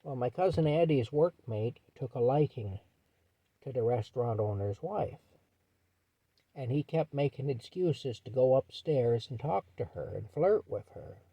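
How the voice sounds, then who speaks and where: A man tells a story casually from inside his truck and keeps looping back with "anyway." His voice is mid-pitched and sits close and dry, with little room sound. The recording is slightly dull and muffled. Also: lively intonation, measured pace, husky, no room sound. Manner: rambling, repeats "anyway" often. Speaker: vlogger.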